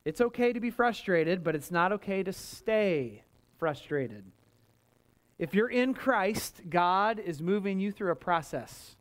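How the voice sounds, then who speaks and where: A male pastor preaching a sermon in a conversational, animated way, calling out for amens and acting out people's complaints in a raised voice. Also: clear, resonant tone. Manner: animated, acts out complaints in a higher voice.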